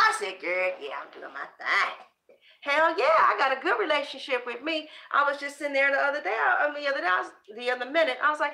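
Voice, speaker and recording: A woman with a high, bright voice holds forth on self-esteem in a loose, sassy monologue. She swears freely and slips into preachy pep talks, answering herself like a friend cheering her on. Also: sing-song, brisk, vocal fry. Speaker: tarot channel host giving self-esteem talk. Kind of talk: casual motivational monologue.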